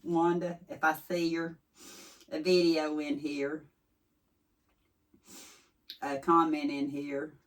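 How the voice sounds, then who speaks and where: A Southern-accented woman from East Tennessee vlogs to her viewers, chatty and folksy, wandering off track as she rambles. Her voice is low and flat, and she speaks slowly with frequent pauses. The mic picks her up from a little distance.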